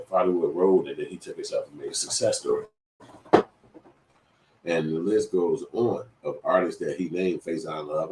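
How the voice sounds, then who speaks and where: A man's voice: deep voice, a little mellow, roomy sound, distant mic, slight background noise, low-quality recording. A middle-aged man telling a personal story in a loose, profane, rambling way, full of restarts. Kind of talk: casual storytelling.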